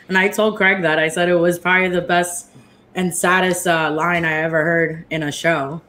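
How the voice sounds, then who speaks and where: A woman's voice: lowish voice, fairly even intonation, normal speed, fairly bright tone, slight background noise. A woman on a casual show review panel, chatty and laughing as she tells stories. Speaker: podcast panelist.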